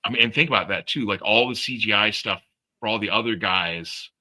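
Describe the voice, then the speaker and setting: A man's voice: fairly low pitch, fairly quick, bright, forceful tone, poor audio. A man hosting a live stream, chatting loosely with many fillers and some swearing. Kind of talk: casual chat on a live stream.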